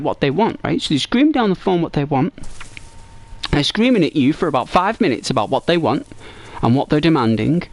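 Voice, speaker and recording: An English man giving casual, rambling gameplay commentary as a streamer. He often repeats and restarts phrases, and his voice climbs and gets animated when he tells stories. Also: a little high. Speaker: gaming streamer.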